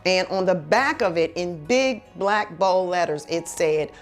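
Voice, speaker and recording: A woman's voice: fairly low pitch, moderate pace, few pauses, faint music behind. A woman preaching a heartfelt sermon, telling her own story and then leading a prayer in an earnest, exhorting way.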